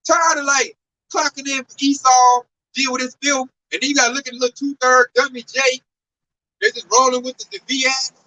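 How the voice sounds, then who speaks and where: A man with a high, bright voice lectures in a preachy but casual way, hammering his points home and repeating himself. He sounds set back from the mic, and a faint hiss sits under the recording. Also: little pitch movement, a little fast. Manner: emphatic and repetitive, keeps tacking on "man". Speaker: religious teacher. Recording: distant mic with faint noise.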